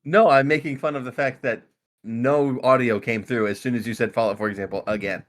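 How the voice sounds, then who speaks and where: A man's voice: medium pitch, steady tone, fairly quick. A man co-hosting a podcast in casual chat, teasing and pushing his co-host with banter.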